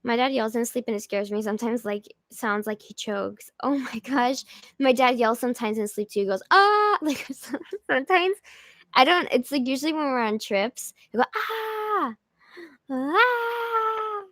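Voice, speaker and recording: A young woman hosts a casual livestream, rambling from one thought to the next and tossing in jokey asides as she answers viewer comments. Her voice sits a little high, and the sound is dry and close, with almost no room echo. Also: fairly quick. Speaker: livestream host.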